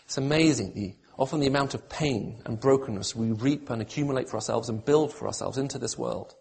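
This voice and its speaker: A man's voice: medium pitch, moderate pace, gravelly, a little mellow, husky. A man preaching a sermon, pleading with emotion when voicing God's appeals and turning to dry, self-mocking humour.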